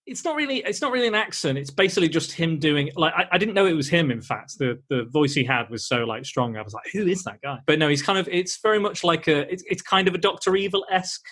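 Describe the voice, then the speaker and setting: A man's voice: a little high, lively intonation, quick pace, few pauses, a bit bright. Rambling, chatty man hosting. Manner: chatty, rambling, frequent fillers and restarts. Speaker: podcast host. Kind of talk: casual chat.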